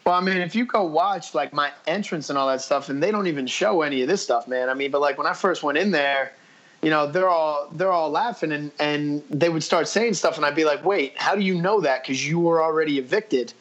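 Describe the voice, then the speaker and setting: A man's voice: fairly high pitch, a little fast, a bit bright, poor audio. A man guesting on a podcast, telling stories in a blunt, profane way and acting out his own past lines. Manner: profane, quotes himself with "I was like"; blunt and brash. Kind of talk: casual interview storytelling.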